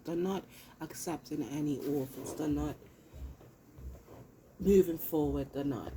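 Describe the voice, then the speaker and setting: Slow, blunt woman reading tarot. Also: low voice, warm tone, a little hiss or hum, rough recording. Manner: blunt and profane, emphatic repeats. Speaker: tarot reader. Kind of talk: casual collective tarot reading. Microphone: phone.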